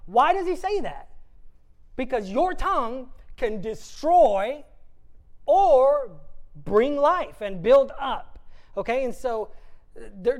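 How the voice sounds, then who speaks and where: A woman's voice: on the high side, a little mellow, low-quality recording. Woman preaching a casual, emphatic sermon. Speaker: guest preacher. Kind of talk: conversational sermon.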